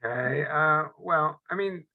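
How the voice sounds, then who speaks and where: A man's voice: on the high side, takes it slowly, phone-quality sound. A man in a study group answering the leader, hesitant, with many fillers and restarts. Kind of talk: spontaneous discussion reply.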